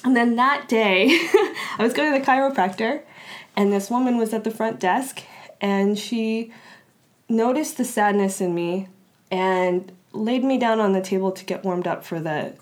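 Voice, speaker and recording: A woman's voice: on the high side, unhurried, a little hiss or hum. Chatty woman telling a personal story. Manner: chatty, frequent "like" fillers and restarts. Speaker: interview guest. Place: Los Angeles area.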